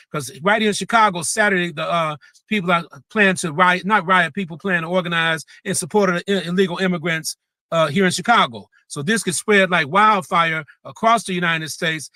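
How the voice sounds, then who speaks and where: Guy guesting on a talk show, lots of uhs, repeats himself for emphasis, sharp voice. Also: sits high, fairly quick, no echo. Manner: frequent "uh" fillers, emphatic repetition. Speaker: guest commentator. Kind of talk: remote talk show discussion.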